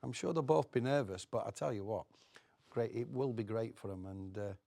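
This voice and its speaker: Gravelly low-voiced guy, pundit chat, lots of uh's and restarts. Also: moderate pace, warm tone. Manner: hesitant, many "uh"s and restarts. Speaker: studio pundit. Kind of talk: casual football chat.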